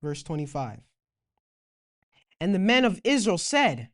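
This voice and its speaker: A woman's voice: on the low side, very animated, measured pace, long pauses. A woman with a Toronto accent reading scripture and explaining it in a casual, slangy Bible lesson. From Canada. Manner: reads scripture aloud, then explains it in slangy asides. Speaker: Bible teacher.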